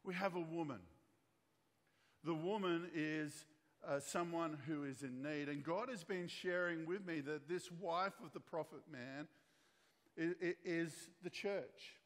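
A pastor preaches a sermon in a church hall, his voice a little high and his pace measured. He retells a story and acts out its characters' voices, with the hall's long reverb trailing behind.

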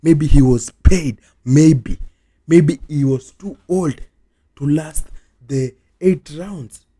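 A man's voice: a little high, slow pace, dark tone, breathy edge. A man hosting a reaction video, venting in a casual, repetitive rant and chanting the same complaint over and over.

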